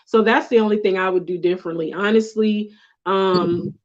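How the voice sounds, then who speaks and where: A woman's voice: mid-range voice, steady tone, moderate pace, muffled recording. A woman talking candidly in a casual group chat, laughing now and then. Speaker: guest.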